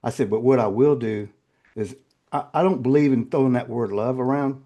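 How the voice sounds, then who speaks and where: An older man shares personal stories as an interview guest in a medium-pitched voice. He halts and repeats words, growing quiet and choked when emotion takes over.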